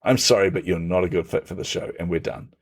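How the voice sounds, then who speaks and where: A man's voice: low voice, fast talker, breathy edge. A middle-aged man, a podcast guest, telling stories conversationally, laughing often and acting out what others said. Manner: animated, laughs often, acts out quotes. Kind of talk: conversational storytelling.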